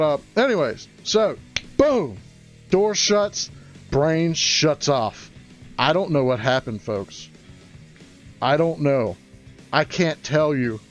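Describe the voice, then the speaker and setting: A man telling a crude comic story, excitable and prone to loud rising outbursts. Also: on the high side, dull audio. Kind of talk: stand-up storytelling.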